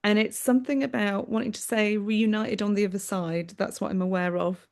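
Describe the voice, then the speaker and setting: A woman medium on a video call, giving a live reading in a gentle, affectionate way. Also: mid-range voice, fairly even intonation, fairly quick, gravelly. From United Kingdom. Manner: gentle, affectionate, often says "my darling" and "that's what I'm aware of".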